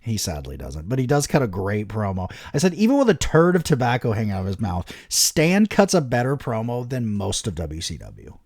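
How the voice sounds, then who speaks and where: Animated, profane man co-hosting a podcast. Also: on the low side, fairly quick, few pauses, husky. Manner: animated, profane storytelling with voices. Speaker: podcast co-host. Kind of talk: casual chat.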